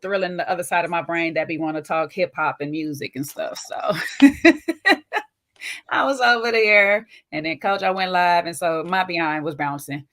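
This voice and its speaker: A woman with a Southern US twang hosting a casual, slangy recap of a reality TV show, chatty and quick to laugh. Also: on the low side, fairly bright tone. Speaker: host.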